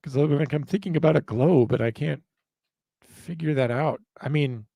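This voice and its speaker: A man's voice: on the high side, moderate pace, gravelly, dark tone, slightly rough, no echo. A man hosting a podcast aftershow, rambling in casual chat and laughing at himself. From northern United States. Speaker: podcast host.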